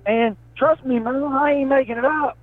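Animated Appalachian man on a tinny line. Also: extremely high pitch, normal speed, soft background music. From southwest Virginia, Appalachia. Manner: animated storytelling, says man and brother. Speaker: guest, sports reporter. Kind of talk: casual interview. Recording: tinny phone-line sound.

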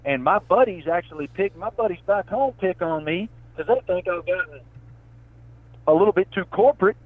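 A man with an Appalachian accent, a guest telling stories in a casual interview, animated and folksy. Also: high-pitched, moderate pace. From southwest Virginia, Appalachia. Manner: animated storytelling, says man and brother. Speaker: guest, sports reporter. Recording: tinny phone-line sound.

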